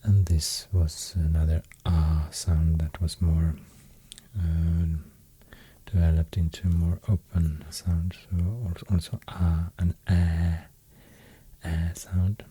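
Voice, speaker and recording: A man with a Swedish accent giving a soft-spoken ASMR talk, half-whispering and pausing often with fillers. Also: low-pitched, little pitch movement, slightly rough. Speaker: ASMR host explaining runes.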